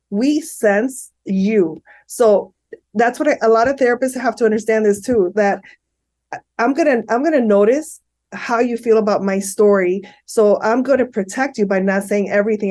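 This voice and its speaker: A woman's voice: medium pitch, darkish tone. Earnest woman in her fifties. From Miami. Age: 50s. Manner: earnest, repeats phrases while explaining. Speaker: podcast guest. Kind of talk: candid conversational interview.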